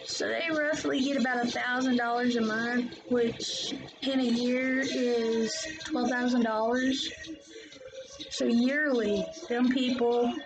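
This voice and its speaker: A woman from the United States talks to her camera in an unhurried, rambling way, hopping between subjects in plain everyday words. Her voice sits a little high, and music plays clearly behind her. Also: steady tone, poor audio. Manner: rambling, plain-spoken, drifts between topics. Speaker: vlogger. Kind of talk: casual opinion monologue.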